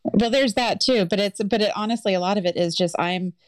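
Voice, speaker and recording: A woman on a podcast chatting casually, assertive and quick to laugh. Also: medium pitch, no room sound. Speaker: podcast co-host.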